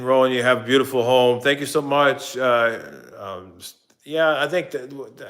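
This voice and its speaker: A middle-aged man, chatting casually and at length on a live stream, rambling and poking fun at himself. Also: medium pitch. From New Jersey. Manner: rambling, self-mocking, jumps into excited put-on voices. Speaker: vlogger doing a live stream.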